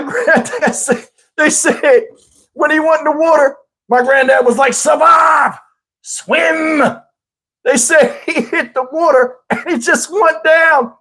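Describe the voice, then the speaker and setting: A man from New Jersey tells a family story off the cuff. He chuckles as he goes, rambles and restarts his sentences, and keeps the telling loose and animated. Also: extremely high pitch, rough recording. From Camden, New Jersey, US. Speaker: channel host. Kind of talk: casual storytelling.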